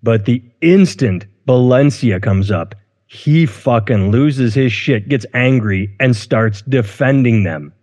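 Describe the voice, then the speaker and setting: A man's voice: medium pitch, slow, a little mellow. A man co-hosting a casual podcast chat, rambling and outspoken, often restarting his words. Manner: rambling, self-interrupting, outspoken. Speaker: podcast co-host. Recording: long room reverb.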